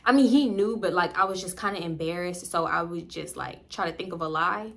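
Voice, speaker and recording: A woman with a Southern US accent telling a casual storytime, slangy and profane, jumping in pitch as she acts out what others said. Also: brisk, creaky. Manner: animated, acts out quoted dialogue with big pitch jumps; slangy, profane, addresses viewers as y'all. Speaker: storytime vlogger.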